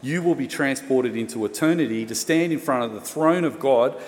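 A man's voice: mid-range voice, a little fast. An Australian man preaching, telling a personal story in a casual, chatty way with self-mocking humour. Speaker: pastor. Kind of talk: storytelling sermon. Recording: reverberant hall, faint room noise.

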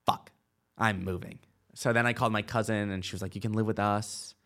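With a fairly low pitch, steady tone, and a slightly bright edge, a man in his twenties talks briskly as a guest. His long personal story unfolds in casual chat, studded with "like" and quoted dialogue.

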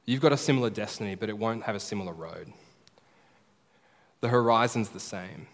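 A male pastor preaching a sermon, emphatic and repeating his key phrases slowly. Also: lowish voice. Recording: preaching in a large reverberant hall.

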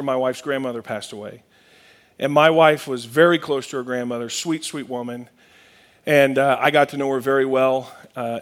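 A man, a pastor giving a conversational sermon and reading scripture aloud. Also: mid-range voice.

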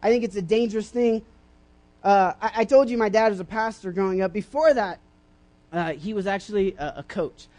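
Speaking brisk and high, a young male preacher gives a relaxed church sermon made of rambling personal anecdotes. He restarts often, leans on fillers, and suddenly launches into loud acted-out voices.

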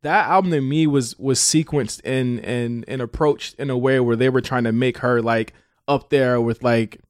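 A man's voice: mid-range voice, steady tone, moderate pace, no room sound, studio quality. A man co-hosting a podcast, chatting and arguing casually, laughing often and restarting his sentences. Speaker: podcast co-host. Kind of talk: casual debate chat.

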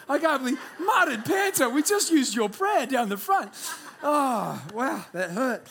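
A man, preaching a sermon as a pastor and telling stories with humor. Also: high-pitched. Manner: animated storytelling with humor.

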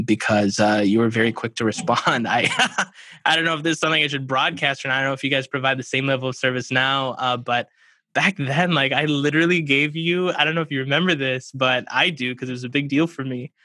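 A medium-pitched man speaks briskly, recorded with no room sound. He's a children's book publisher guesting on a podcast, chatting casually and telling energetic stories in which he acts out what people said.

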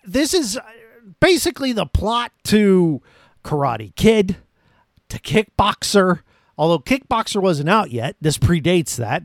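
A man's voice: high-pitched, sing-song, measured pace, dry recording, clean studio sound. A man hosting a podcast, reviewing a movie in a casual, rambling, self-mocking way. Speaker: podcast host.

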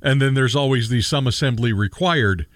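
Middle-aged male co-host, relaxed joking manner, dry close studio sound. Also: medium pitch, moderate pace, dry recording. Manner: easygoing, joking asides. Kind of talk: casual Christian radio chat.

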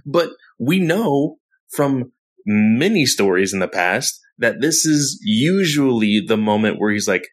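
Guy talking comics slow and careful, kinda hesitant. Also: mid-range voice, animated. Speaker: comic book podcast co-host. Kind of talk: casual comic review chat.

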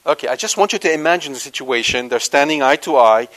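A man preaching to a live congregation, animated, questioning the audience and swinging between loud emphasis and quiet asides. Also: medium pitch, fast talker. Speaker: Catholic preacher.

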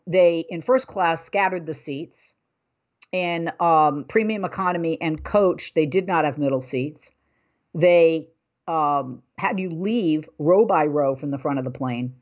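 A middle-aged woman hosting a talk show, telling a travel story in a chatty way and building into an exasperated rant. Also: low voice. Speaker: host. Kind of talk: casual commentary monologue.

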